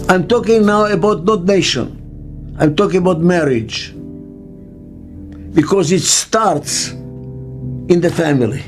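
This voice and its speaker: A man's voice: sits high, slow pace, long pauses, faint music behind. An older man working as a business consultant, answering interview questions in short, emphatic sentences and asking rhetorical questions. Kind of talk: interview answer, speaking to camera.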